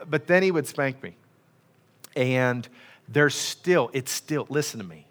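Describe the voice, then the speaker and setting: A man's voice: medium pitch, animated, a little slow, fairly bright tone. A man preaching a casual, folksy sermon in a church, chatty and self-deprecating with many fillers. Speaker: pastor. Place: church sanctuary.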